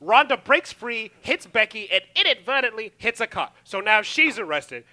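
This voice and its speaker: A woman's voice: fairly high pitch, normal speed. A woman co-hosting a casual comedy chat, joking crudely and acting out what others said. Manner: animated, crude joking, acts out quotes. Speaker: podcast co-host.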